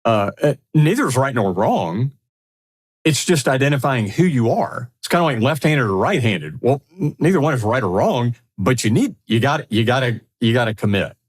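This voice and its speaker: A man's voice: medium pitch, animated, normal speed, breathy edge. A man co-hosting a podcast in a casual, upbeat way, affirming his partner and building on his points. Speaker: podcast co-host.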